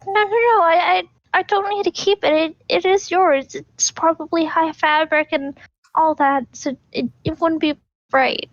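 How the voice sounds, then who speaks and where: A woman's voice: very high voice, fairly even intonation, measured pace, no echo, voice pushed up. A woman voicing a shy, flustered young woman who stammers nervously. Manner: nervous stammering, self-conscious. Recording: dull lo-fi dry recording.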